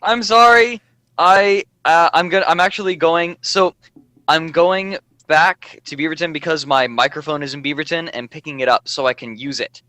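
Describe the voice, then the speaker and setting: A man's voice: fairly high pitch, fairly even intonation, normal speed, pushed and bright, dry recording. A young man chatting casually on a livestream, rambling and poking fun at himself, with lots of "like". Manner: rambling, self-deprecating, lots of filler "like". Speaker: streamer and show regular.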